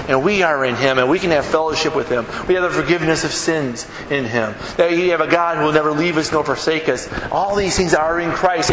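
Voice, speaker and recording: A man preaching a folksy, animated sermon to his congregation, joking and reading scripture. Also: a little high, reverberant, in a large hall, noisy background. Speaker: pastor. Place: church sanctuary.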